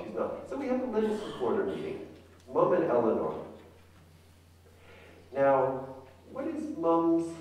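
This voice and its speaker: A man's voice: mid-range voice, a little mellow. A man giving a conference talk as a family therapist, engaging the audience with questions. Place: conference hall. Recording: echoey hall from far off.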